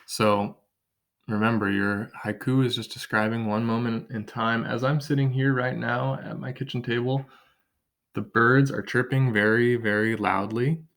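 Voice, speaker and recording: A man's voice: mid-range voice, little pitch movement, normal speed, a bit bright. Man teaching a haiku lesson from home. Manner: thinking aloud, counting syllables. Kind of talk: online writing lesson. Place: home kitchen table.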